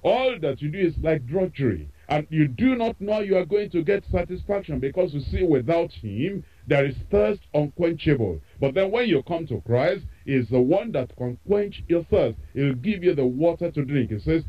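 A man's voice: fairly high pitch, animated, normal speed, hardly any pauses. A man preaching a sermon, emphatic and repeating phrases for effect, heard over a dull radio broadcast.

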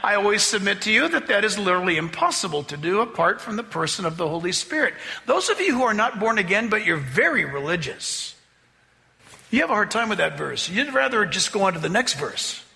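A man preaching a sermon as pastor, animated, acting out voices to make his points. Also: high voice, fairly quick, vocal fry. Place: church sanctuary. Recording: long hall reverb.

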